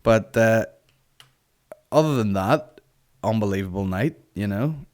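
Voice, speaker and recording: A man's voice: lowish voice, unhurried. A man hosting a comedy podcast, ranting casually, cursing a lot and acting out other people's voices. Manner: sweary, animated, acts out people's voices. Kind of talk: casual comic rant.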